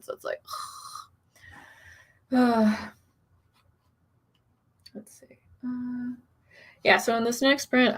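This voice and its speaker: A young woman streamer chats in a loose, rambling way, reading out viewer comments between her own asides. Her voice sits at a middle pitch with a gravelly, creaky edge. She talks casually and fills pauses with little sounds. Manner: chatty, rambling, many fillers, reads comments aloud. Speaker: author streamer.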